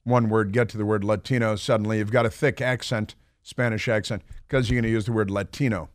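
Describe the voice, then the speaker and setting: A man's voice: fairly low pitch, fairly even intonation, a little fast, no echo. A man hosting a talk radio show, delivering a sarcastic, mocking opinion monologue into a studio microphone.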